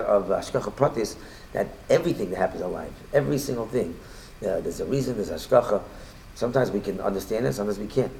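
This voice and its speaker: A man with a low, gravelly voice teaches a Torah class in a fast, conversational flow. He often stumbles and repeats himself, then jumps up in volume when he acts out a quote. Faint noise sits underneath. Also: low-quality recording. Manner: talks in quick bursts, repeats and restarts, rises loudly when quoting. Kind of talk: casual Torah lesson with storytelling.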